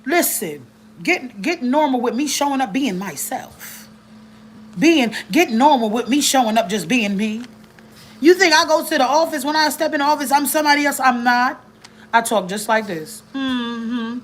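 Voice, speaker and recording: A woman giving blunt, animated advice to caseworkers, telling stories and cussing freely in a casual livestream. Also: a little high, measured pace, a little hiss or hum, rough recording. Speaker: family advocate speaking to caseworkers.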